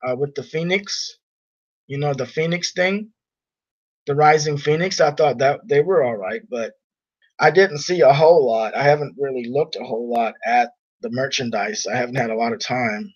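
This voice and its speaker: A man's voice: mid-range voice, normal speed. A man on a live stream who talks bluntly and with irritation, reading viewer comments aloud. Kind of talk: casual live stream chat. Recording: dull lo-fi stream audio.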